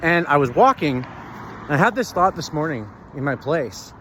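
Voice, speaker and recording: A man talking earnestly and haltingly to camera while walking outdoors, often pausing to search for words. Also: a little high, big pitch swings, fairly bright tone, slight background noise. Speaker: vlogger. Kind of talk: reflective personal talk.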